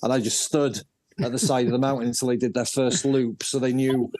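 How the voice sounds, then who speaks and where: A man, a race director telling stories as a guest in a casual interview, jokey and animated. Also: medium pitch, brisk, no room sound. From North Wales.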